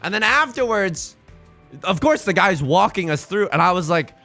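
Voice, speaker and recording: A man's voice: high voice, expressive, normal speed, pushed and bright, faint music behind. A young man streaming live, telling a rambling, self-mocking story with frequent laughs while he plays a game. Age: young adult.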